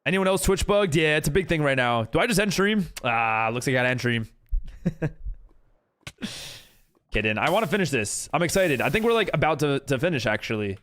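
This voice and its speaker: An American man talks casually through a live game stream, reading messages from his chat and answering them as he builds. His voice sits fairly high for a man, and his pitch swings widely as he talks. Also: very animated, fast talker, hardly any pauses, a bit bright. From United States. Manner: chatty, reads and answers chat while building.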